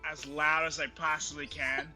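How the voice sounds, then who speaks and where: A man's voice: a little high, little pitch movement, normal speed, music in the background. A man playing a tabletop game, chatting playfully between turns. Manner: laughing, playful. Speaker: player. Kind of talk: casual tabletop game chat.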